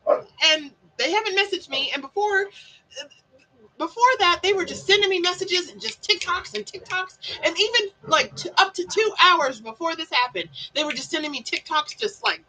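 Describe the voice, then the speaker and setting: Woman, vlogger, casual chat, high voice, swears a lot, rambling, full of "like" and "you know". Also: normal speed, bright, forceful tone, slight background noise, low-quality recording. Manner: candid, rambling storytelling with frequent swearing; peppers speech with "like" and "you know". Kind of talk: casual mental health chat.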